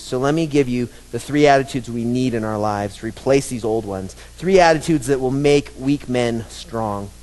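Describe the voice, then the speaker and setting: A man's voice: mid-range voice, darkish tone. A pastor preaching a sermon to his congregation, emphatic and repetitive, leading the room in call-and-response. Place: church sanctuary. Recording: long hall reverb.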